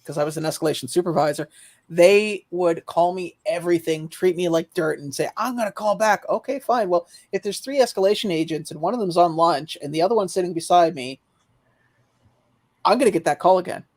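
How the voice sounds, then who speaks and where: A man co-hosting a livestream chat, telling stories with lively quoted exchanges and frequent repeated words as he starts sentences. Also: a little high, brisk. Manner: storytelling, animated quoting of callers. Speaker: livestream co-host. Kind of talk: casual chat.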